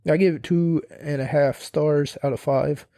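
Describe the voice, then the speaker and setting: A young man talks through a wrestling-style review in a loose, rambling way, opinionated and quick to swear. His voice sits a little high for a man yet sounds soft and mellow, recorded dry and close with no room around it. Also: steady tone, no room sound. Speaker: podcast host. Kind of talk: casual wrestling review monologue.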